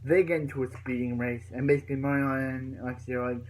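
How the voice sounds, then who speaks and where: A man's voice: mid-range voice, steady tone, fast, hardly any pauses, a little hiss or hum, low-quality recording. Young man rambling through a show recap. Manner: rambling, many fillers and restarts. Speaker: reviewer. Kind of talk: casual episode recap.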